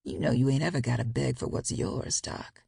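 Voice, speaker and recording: A gruff, teasing grown man, voiced by a woman reading an audiobook speaks low and husky, with a growl under his words. The sound is gravelly and breathy. It is close and dry, with no room around it. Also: steady tone, moderate pace, darkish tone, dry recording, exaggerated voice. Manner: growling, rough-edged banter.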